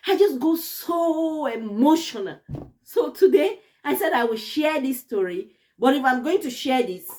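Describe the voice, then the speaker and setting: High-voiced woman telling a personal story. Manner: expressive, earnest and emotional. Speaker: vlogger.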